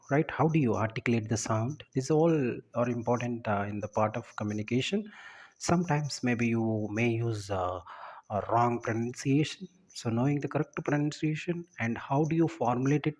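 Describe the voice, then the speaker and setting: Husky-voiced man lecturing. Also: medium pitch, a little mellow. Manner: often ends points with a checking "right?". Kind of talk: explanatory lecture.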